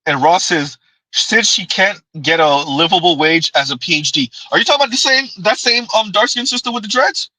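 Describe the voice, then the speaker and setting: A man's voice: sits high, expressive, fairly quick, pushed and bright, no room sound, rough recording. A man hosting a livestream with reaction commentary, talking in a mocking, sarcastic way. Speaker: streamer.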